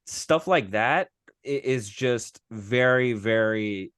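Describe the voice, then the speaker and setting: A man's voice: lowish voice, animated, slow pace, fairly bright tone, smooth, no room sound, studio quality. A man who is a voice-actor guest, chatting casually on a podcast, rambling with many restarts.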